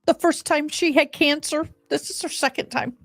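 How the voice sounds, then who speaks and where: A woman with a somewhat high voice chats casually to her livestream viewers as she plays. The sound is close and dry, with faint game music underneath. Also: steady tone, normal speed, no echo. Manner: chatty, addresses viewers directly. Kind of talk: casual livestream chat over gameplay.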